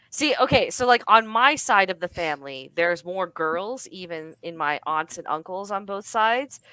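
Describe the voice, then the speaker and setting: A woman in casual podcast chat, eager and asking questions, quick when excited. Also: on the low side, smooth, dry recording. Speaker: podcast co-host.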